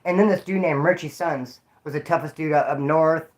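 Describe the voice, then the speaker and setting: Man, from California, channel host, casual rambling chat, street slang, loud shout-outs. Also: fairly high pitch, fairly quick.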